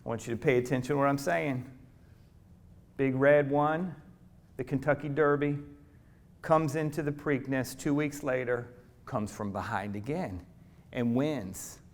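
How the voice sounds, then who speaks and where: A middle-aged man giving a motivational keynote, telling a story dramatically, swinging from hushed asides to loud preacher-like calls to the audience. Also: medium pitch, measured pace, pauses often. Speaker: motivational speaker.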